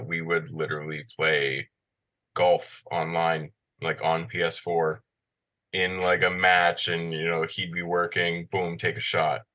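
A man with a very low but bright, forceful voice rambles through a story. He hesitates often and leans on fillers. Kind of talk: casual chat.

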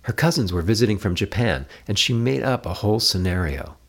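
A man voicing a shy, grieving man who talks softly and hesitantly. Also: fairly low pitch, lively intonation, a little fast, voice pushed up. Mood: reflective. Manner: soft, hesitant. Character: grieving shy man, soft-spoken, reflective.

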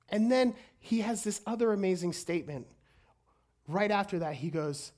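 A woman preaching a sermon in an energetic way, often stumbling and repeating words as she goes. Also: mid-range voice, normal speed.

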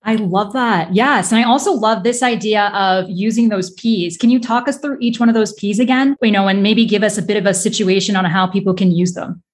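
A woman's voice: mid-range voice, a little fast, few pauses. A woman hosting a podcast interview, affirming her guest and asking reflective questions. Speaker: podcast host.

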